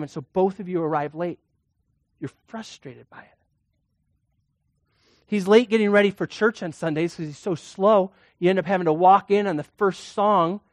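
A preacher delivers a sermon in a conversational manner, full of rhetorical questions and acted-out quotes. The voice sits at a middle pitch. The sound is dry and close. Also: darkish tone, no room sound.

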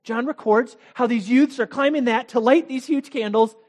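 A man preaching a sermon, telling the story dramatically with rhetorical questions and swings between loud bursts and quiet asides. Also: very high-pitched, normal speed. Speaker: pastor.

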